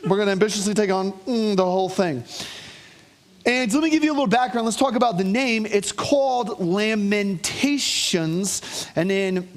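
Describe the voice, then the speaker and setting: A man's voice: high voice, normal speed. A man preaching to his congregation, telling stories with animation and calling for responses from the room. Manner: animated storytelling with call-and-response. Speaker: pastor. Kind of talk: sermon.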